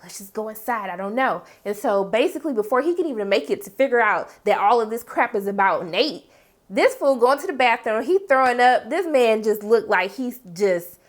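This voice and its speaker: Brief: woman reviewer, fairly high voice, chatty and animated, slips into character voices. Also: moderate pace. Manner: animated, slangy, acts out characters' lines. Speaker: TV review host. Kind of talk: casual recap commentary.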